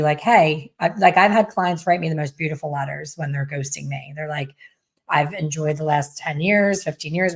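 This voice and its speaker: Chatty woman coaching hairstylists, lowish voice. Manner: chatty and candid, acting out quoted voices. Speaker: salon owner and hair color educator. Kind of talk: casual coaching talk.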